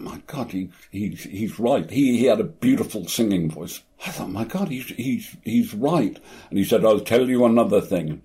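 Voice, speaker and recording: Eighty-year-old retired actor, warm mellow tone, reflective and wry anecdotes. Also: male voice, on the low side. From Cornwall, England. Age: 80s. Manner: reflective, wry, stammers on restarts. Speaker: retired actor, interview guest. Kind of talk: conversational storytelling.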